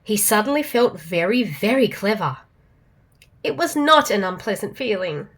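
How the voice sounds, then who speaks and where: A woman with an Australian accent reading a storybook aloud to children, expressive and animated. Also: mid-range voice, moderate pace.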